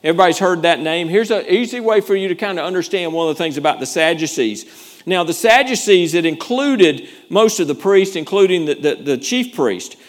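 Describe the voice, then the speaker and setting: A man's voice: high-pitched, lively intonation, fairly quick. A male pastor preaching a sermon in an earnest, emphatic way, often repeating words as he goes.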